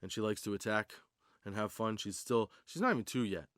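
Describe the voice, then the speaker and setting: A man's voice: lowish voice, expressive, fairly quick, fairly bright tone, no echo, studio quality. A man hosting a comedy podcast, rambling through a casual, profane stoner monologue. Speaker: podcast host. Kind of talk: comedic stand-up style monologue.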